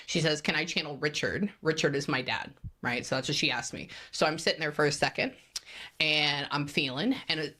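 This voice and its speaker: A young woman with a low, deep-set voice tells her story as a podcast guest. She talks casually and vividly, acting out the voices and sounds she describes as a medium. The conversation is loose and spontaneous. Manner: animated storytelling, acts out voices and pings.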